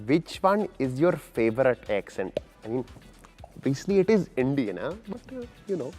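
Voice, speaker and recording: A man's voice: mid-range voice, big pitch swings, normal speed, a little mellow, soft background music, close to an everyday voice. A man voicing a chummy, emotional male interviewer who keeps tacking on "huh?". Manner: chatty, keeps adding "huh?" and "bro".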